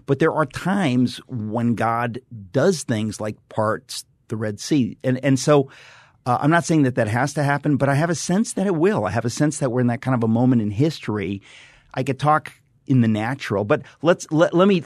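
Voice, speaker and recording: A middle-aged man talks in a studio with fervent, emphatic conviction, circling back and repeating phrases as he builds his point. His voice sits at an ordinary pitch for a man. The room sound is dry and close. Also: animated, moderate pace, a little mellow, dry recording. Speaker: guest author and radio host. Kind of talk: impassioned studio conversation. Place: radio studio.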